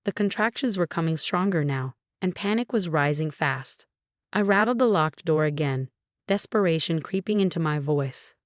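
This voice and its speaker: A woman with a lowish voice tells a dramatic first-person story. The recording is dry and close, with no room sound. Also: lively intonation, moderate pace, no echo. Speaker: narrator.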